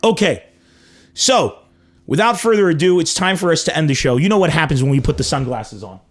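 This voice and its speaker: Brief: young male comedy podcast host, animated swearing storyteller, voice sits a bit high. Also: fairly quick. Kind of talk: casual comedic monologue.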